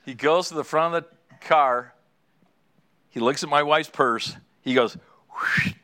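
A middle-aged male pastor delivers a storytelling sermon in a bright, slightly raised voice. He is animated and slips into the voices of the people in his anecdote. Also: on the high side, measured pace.

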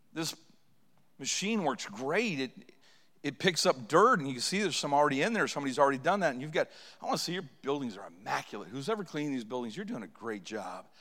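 A high-pitched male preacher delivers a revival sermon in a church sanctuary. His voice rings with a long reverb. He builds to loud, impassioned pleading when he acts out prayers.

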